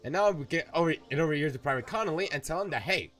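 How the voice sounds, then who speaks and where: A man's voice: a little high, animated, rapid-fire, a bit bright, soft background music. Rambling young man playing a game. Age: young adult. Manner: rambling, self-correcting, playful. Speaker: gaming YouTuber. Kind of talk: let's play commentary.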